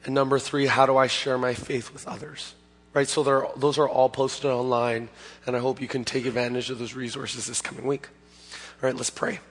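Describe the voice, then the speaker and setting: A hoarse male pastor gives a casual, plain-spoken sermon at a middle pitch, often restarting and correcting himself mid-sentence. His voice rings with a long reverb that fills a church sanctuary. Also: flat delivery, moderate pace, a bit bright. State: hoarse, recovering from lost voice. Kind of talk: conversational sermon.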